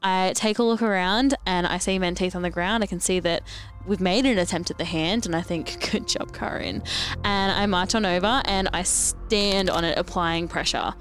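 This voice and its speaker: A woman playing a tabletop role-playing game, narrating her character's actions in a measured, deliberate way. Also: on the low side, soft background music. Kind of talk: casual role-play chat.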